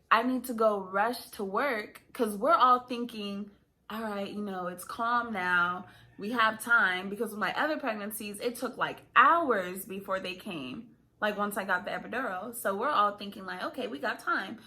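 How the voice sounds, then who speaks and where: A woman vlogger telling a story casually, laughing often and acting out what people said. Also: normal speed. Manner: animated, laughing, acts out quotes in high pitch.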